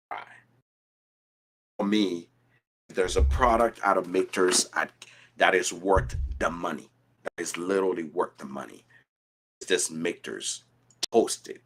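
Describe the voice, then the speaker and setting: Deep husky man telling stories. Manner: animated, storytelling with repeated restarts. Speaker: whiskey show contestant. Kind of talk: casual chat.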